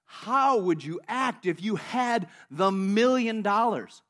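Preacher doing god's voice, slow, patient, measured. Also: male voice, high-pitched, expressive, fairly bright tone, full character voice. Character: the Lord, calm and patient questioner.

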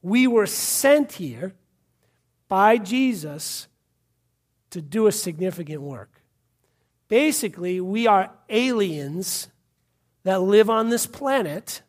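A man's voice: high voice, expressive, slow, pauses often, darkish tone. A man from Massachusetts preaching a fervent sermon, repeating points and calling out hallelujahs. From Massachusetts, USA. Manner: fervent, repetitive, punctuated with hallelujahs.

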